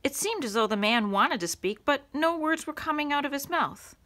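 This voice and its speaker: A woman reading a children's storybook aloud to young listeners, in an expressive storytelling manner. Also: high-pitched, normal speed.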